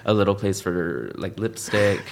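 A man's voice: low voice, lively intonation, a little slow, gravelly. A man co-hosting a casual chat, explaining in an easygoing way with many fillers. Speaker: podcast co-host.

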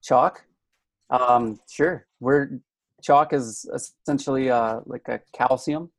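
A man's voice: mid-range voice, takes it slowly, dry recording, studio quality. A man with a Midwestern accent, a podcast guest and hydrologist, rambling through playful explanations. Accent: Midwestern American. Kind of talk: casual podcast chat.

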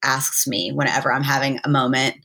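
A woman's voice: very deep voice, steady tone, brisk, sharp tone. A woman in casual conversation, speaking earnestly and reflectively as a guest, often quoting herself and a friend.

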